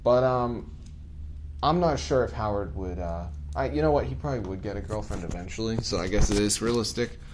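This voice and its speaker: Guy rambling thru a toy review, slightly low voice, lots of um and like. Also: a little fast, noisy background. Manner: rambling, hesitant, many fillers and self-corrections. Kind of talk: casual review vlog.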